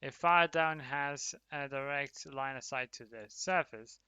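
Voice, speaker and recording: A man's voice: mid-range voice, a little slow, bright, forceful tone, smooth, no room sound. A man chatting casually with viewers while streaming a game, laughing often and talking to his chat. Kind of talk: casual livestream commentary while gaming.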